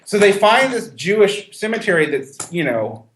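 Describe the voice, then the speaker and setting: A man's voice: sits high, sing-song, normal speed, fairly bright tone, echoey room. A man co-hosting a podcast, chatting casually about a film with many restarts and some laughter. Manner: conversational, with frequent restarts and a little laughter. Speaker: podcast co-host.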